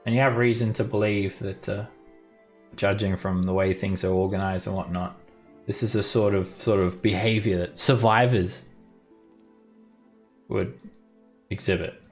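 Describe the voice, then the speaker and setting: Gravelly man, game master, halting narration, faint music behind. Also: fairly low pitch, steady tone. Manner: halting, searching for words.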